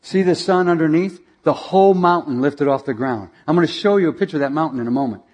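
A male preacher tells a story in a sermon, building drama as he goes. His voice sits slightly high, and he calls out for slides along the way. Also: fast talker. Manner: animated, dramatic storyteller who directs slides.

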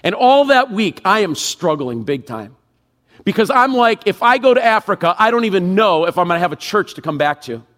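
A middle-aged man preaching a sermon as pastor, emphatic, acting out inner thoughts and dropping low and quiet for the Spirit's words. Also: very animated, fairly quick.

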